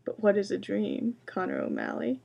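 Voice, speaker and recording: A woman voicing an ancient, towering male tree monster who speaks slowly and grandly, rising to a roar. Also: mid-range voice, wildly swooping pitch, vocal fry, dark tone, muffled recording, full character voice. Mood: ominous.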